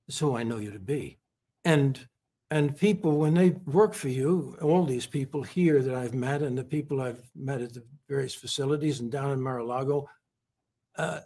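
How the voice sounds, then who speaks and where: Husky-voiced man speaking haltingly. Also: medium pitch, animated, darkish tone. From California. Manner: halting, repeats words, many fillers. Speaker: interview guest. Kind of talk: heartfelt conversational praise.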